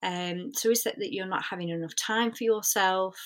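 A woman's voice: medium pitch, moderate pace, a bit bright. A young woman, a spiritual coach, talking earnestly and reflectively in a podcast interview, with many fillers.

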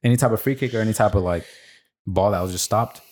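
A man's voice: fairly low pitch, quick pace, a loud crowd. A man co-hosting a podcast, telling a laid-back story with casual swearing and frequent laughs. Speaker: podcast co-host. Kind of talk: casual chat.

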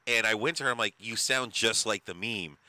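A man chatting casually, lively and stammering when excited. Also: fairly low pitch, brisk, slight background noise. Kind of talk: casual group chat.

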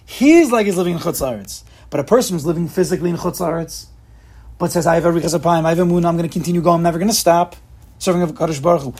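A man's voice: fairly high pitch, a little mellow, slightly rough. A man giving an emphatic, repetitive Torah lecture, mixing in Hebrew and Yiddish terms. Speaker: Torah teacher.

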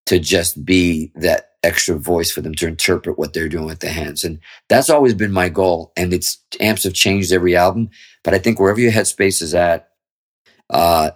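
A middle-aged man, a guest guitarist in a casual interview chat, explaining his views at length with candid, freely swearing talk. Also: sits low.

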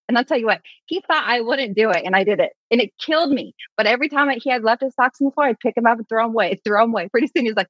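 A woman in her forties, an animated storyteller who laughs often, in casual conversation as a guest. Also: a little high, racing, hardly any pauses, dry recording, dull audio.

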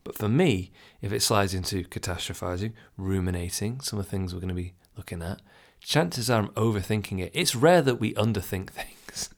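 A man's voice: lowish voice, animated, normal speed, few pauses. A man talking casually and reflectively about overthinking, chuckling now and then and acting out his inner thoughts. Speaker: self-help speaker. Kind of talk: casual advice talk to the listener.

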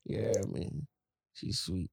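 A man's voice: slow, darkish tone. Man hosting a podcast, roomy sound. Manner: storytelling, sets up scenarios with role-play. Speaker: podcast host. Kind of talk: casual chat.

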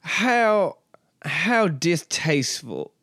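A man's voice: on the high side, big pitch swings, extremely slow, a bit bright, dry recording, studio quality, full character voice. A man putting on a put-on aristocratic Southern US accent, voicing a prissy man who is easily disgusted and drawls with disdain.

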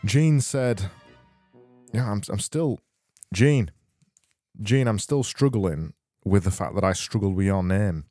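A man with a low, mellow voice hosts a casual podcast, answering listener messages in a deadpan, rambling, sarcastic way. The sound is dry and close to the mic. Faint music plays underneath. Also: unhurried, dry recording. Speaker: podcast host.

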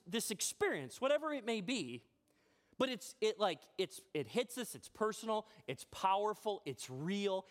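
A man preaching a sermon as pastor in a church, telling a personal story in a chatty, animated way with self-deprecating humor. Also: high-pitched. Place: church sanctuary.

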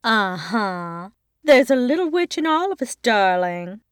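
A woman's voice: mid-range voice, animated, a little slow, dry recording, clean studio sound, natural voice. A woman doing a teasing, mischievous big sister. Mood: playful. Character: teasing knowing older sister, playful and mischievous.

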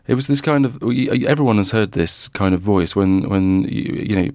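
A man's voice: fairly low pitch, a little fast, darkish tone, no room sound, clean studio sound. A man co-hosting a podcast, chatting casually and hesitantly, full of restarts. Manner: hesitant, many fillers and restarts. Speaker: podcast co-host. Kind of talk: casual chat.

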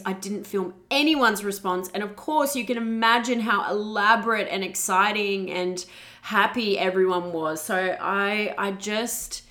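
Candid young woman with a gravelly voice. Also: mid-range voice, pushed and bright. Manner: candid, emotional, acts out her own past words. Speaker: podcast host. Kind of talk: personal storytelling.

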